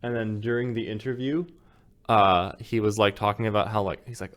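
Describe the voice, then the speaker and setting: A man's voice: lowish voice, steady tone, normal speed, a bit bright. A young man telling a story in casual podcast chat, rambling with lots of "like" and acting out quotes. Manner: rambling storyteller, acts out quotes with many fillers. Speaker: podcast co-host.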